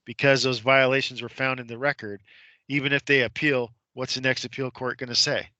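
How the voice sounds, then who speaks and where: A man tells a story on a radio show, with a bright, forward tone and a middle pitch. He acts out the voices of the people in the story, asks rhetorical questions and repeats his points for emphasis. The sound is close and dry. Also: level tone, brisk, no echo, lo-fi sound. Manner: retells courtroom scenes, imitating the judge's voice. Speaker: guest.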